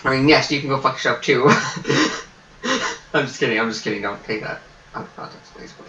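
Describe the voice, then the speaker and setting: A man in casual let's-play commentary, goofy and profane, chattering to himself. His voice is bright and sits back from the mic in a roomy space, with faint noise behind. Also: mid-range voice, quick pace, recorded from a distance. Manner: goofy, swearing, talks to himself. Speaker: gameplay streamer.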